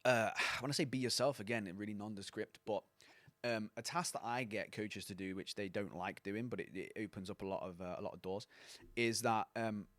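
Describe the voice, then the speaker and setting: A man's voice: on the low side, a little fast, a bit bright, no echo. A man, a coaching mentor, giving blunt, sweary, sarcastic advice as a guest on a casual podcast.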